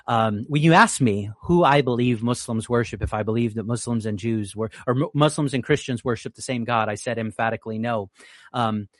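A man's voice: brisk, no echo, clean studio sound. Earnest man preaching on a livestream. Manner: earnest, repeats words often, rises in pitch when emphatic. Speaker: livestream host. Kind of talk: religious commentary on a live stream.

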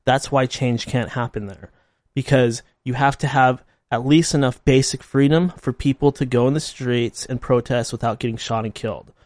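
Man, solo opinion rant, blunt and sarcastic, medium pitch, dry close sound. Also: fairly even intonation, normal speed, a little mellow, dry recording. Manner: rhetorical questions, blunt and sarcastic. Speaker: commentator.

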